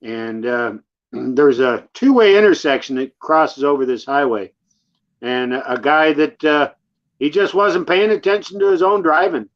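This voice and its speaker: Married man telling a story over dull lo-fi audio. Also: on the high side. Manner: measured, many "uh" pauses. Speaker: podcast guest. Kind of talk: casual storytelling chat. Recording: dull lo-fi sound.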